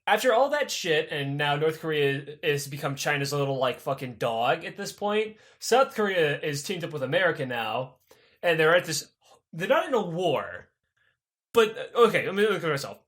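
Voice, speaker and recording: Man, podcast co-host, high voice, very animated, irreverent, profane. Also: moderate pace. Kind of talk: casual comedic history retelling.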